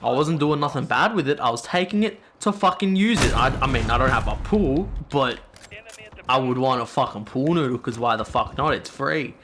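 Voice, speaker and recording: A man's voice: medium pitch, moderate pace, a little hiss or hum. A teenage guy, telling a rambling, profanity-laced story casually while gaming. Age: teens. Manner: animated, swearing, rambling. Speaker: gaming channel host. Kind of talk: casual storytime over gameplay. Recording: game gunfire in background.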